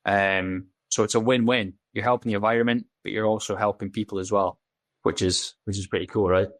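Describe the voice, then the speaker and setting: A man's voice: fairly low pitch, fairly even intonation, fairly quick, dry recording. A man, a podcast guest telling his story in candid, casual talk, blunt and full of swearing, acting out the dialogue he quotes. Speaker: podcast guest, safety officer.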